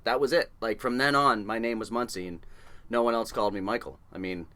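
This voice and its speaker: A man's voice: on the low side, a little fast, bright, forceful tone, a little hiss or hum. A man in his forties from coastal New England, a fishing boat engineer telling stories in a casual interview, salty and swearing freely.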